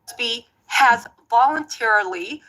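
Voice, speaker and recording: A woman's voice: on the high side, lively intonation, a little slow, sharp tone. A woman giving casual, emphatic commentary with a sarcastic edge.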